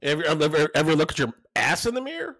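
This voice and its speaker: A middle-aged podcast co-host tells stories in casual chat, animated and swearing often. His voice is on the high side and fast, with no room sound.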